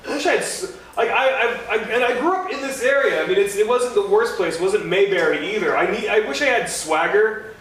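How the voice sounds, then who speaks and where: A young man doing stand-up, rambling and self-deprecating, tripping over fillers at a slightly high pitch. He is picked up from a distance in a very echoey club, with steady noise underneath. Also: fast talker, hardly any pauses. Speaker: stand-up comedian. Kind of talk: stand-up comedy set. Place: comedy club stage.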